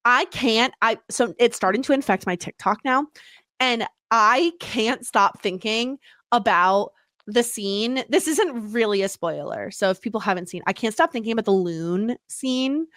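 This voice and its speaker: A woman's voice: fairly high pitch, no room sound, studio quality. Bubbly young woman podcast co-host. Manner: bubbly, quick to laugh, animated. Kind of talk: casual chat.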